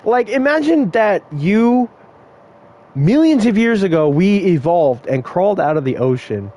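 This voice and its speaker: A man's voice: a little high, darkish tone, a little hiss or hum. Laid-back young guy telling a story. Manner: laughs often, swears, rambling asides. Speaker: vlogger telling a work story. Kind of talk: casual storytelling.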